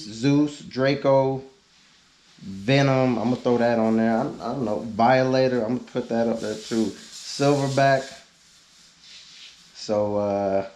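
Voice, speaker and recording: A man's voice: mid-range voice, darkish tone. A man, chatting casually on his car vlog, reading out viewer suggestions with laid-back joking asides. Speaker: YouTube car vlogger.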